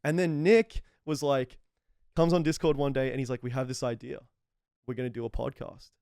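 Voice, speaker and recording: An Australian man telling stories in a casual podcast chat, animated and quick. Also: medium pitch, vocal fry, smooth, no room sound, clean studio sound. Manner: animated storyteller. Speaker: podcast guest.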